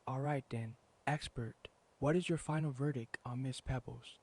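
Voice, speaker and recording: A man doing a male office coworker at a bar. He talks in a casual, teasing way, at an ordinary middle pitch. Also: normal speed, darkish tone, natural voice.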